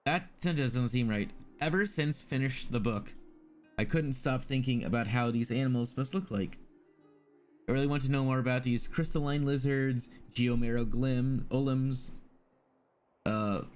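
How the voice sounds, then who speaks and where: A man's voice: medium pitch, normal speed, darkish tone, lightly acted. Guy reading out an eager young lady zoologist, rambles on and on, medium voice, bit of game music underneath. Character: chatty young woman zoologist and writer. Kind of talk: reading game dialogue aloud.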